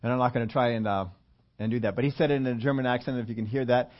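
A man with a medium-pitched, steady voice races through a storytelling sermon, chatting as he goes, quizzing his listeners and restarting sentences. The recording is dull and lo-fi.

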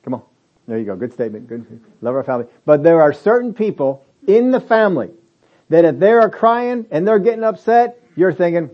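Guy preaching, animated, acts out quotes, bit high voice. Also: moderate pace, muffled recording. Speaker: pastor. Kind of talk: sermon.

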